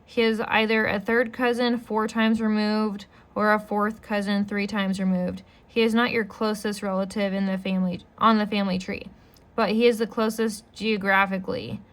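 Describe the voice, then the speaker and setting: Busy banker guy, formal n hurried, flat delivery, a woman reading him. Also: medium pitch, close to an everyday voice, rough recording. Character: busy coughing male banker, middle-aged.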